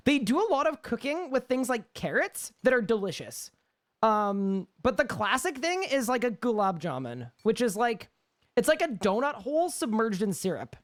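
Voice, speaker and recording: Chatty Canadian streamer, lively voice. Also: male voice, very high-pitched. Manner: chatty, laughs easily, answers chat questions. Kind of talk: casual live gaming stream chat.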